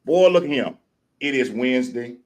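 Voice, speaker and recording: A man's voice: medium pitch, lively intonation. A man from Louisiana, hosting a live stream show in folksy country talk. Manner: hyped chanting intro, drawn-out shouting. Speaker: podcast host.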